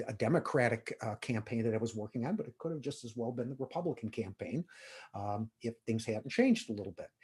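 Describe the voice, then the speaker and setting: A middle-aged man gives a technical talk to a user group. His voice is a bit husky and sits at an ordinary pitch. He keeps it conversational, dropping in "uh" and "if you will" as he goes. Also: darkish tone. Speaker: conference presenter.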